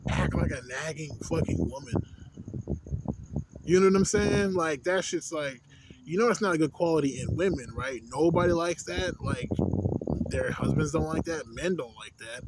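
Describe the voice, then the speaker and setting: A man's voice: fairly high pitch, creaky. A young adult man venting in a casual vlog, profane and full of street slang. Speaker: vlogger. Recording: loud background noise.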